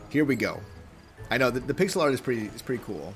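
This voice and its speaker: A man's voice: medium pitch, very animated, quick pace, faint music behind. A man hosting a game video, commenting on the play with amused laughter. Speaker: gaming video host.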